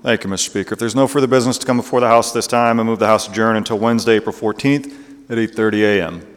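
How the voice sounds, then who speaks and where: A man speaking as a state representative, briskly rattling off bill numbers and procedural motions. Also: on the low side, fairly even intonation. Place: legislative chamber. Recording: long reverb of a large chamber.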